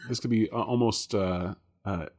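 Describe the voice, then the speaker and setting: A man's voice: lowish voice, normal speed, darkish tone. A man co-hosting a casual podcast chat, laughing often and rambling with lots of fillers. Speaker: podcast co-host.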